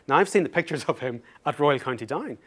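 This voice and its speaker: A man giving a talk as an author, telling an anecdote in a lively, self-mocking way and laughing through the story. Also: a little high, quick pace.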